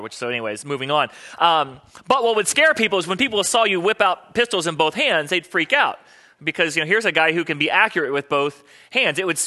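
Male pastor, middle-aged, quick and bright, storytelling sermon delivery. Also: fairly high pitch. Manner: chatty, storytelling, quotes people in voices. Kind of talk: sermon with personal stories.

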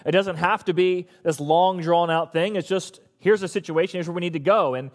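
Man, middle-aged, pastor, sermon, high-pitched, conversational, humorous. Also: a little fast. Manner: conversational and humorous, with lively bursts.

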